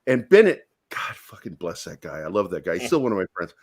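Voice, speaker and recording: Animated man telling a crude story. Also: sits low, a little fast, husky. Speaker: podcast co-host. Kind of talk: casual storytelling chat.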